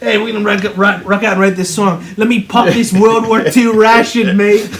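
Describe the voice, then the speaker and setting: A man's voice: sits high, fairly even intonation, normal speed, a bit bright. A man putting on a mock British accent as a cheeky young rock musician, joking and giggling between lines. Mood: teasing. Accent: imitated British. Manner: joking, giggling mid-line.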